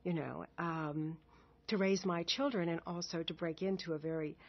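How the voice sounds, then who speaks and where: Older woman telling lively anecdotes. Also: lowish voice, normal speed, muffled recording. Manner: animated storytelling, acts out past dialogue. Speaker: interviewee. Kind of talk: casual interview chat.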